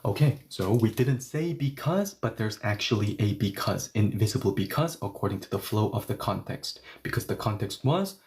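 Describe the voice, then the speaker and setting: A man teaching a grammar lesson, explaining patiently step by step and repeating example sentences slowly. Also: fairly low pitch, animated, a little mellow. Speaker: Korean language teacher.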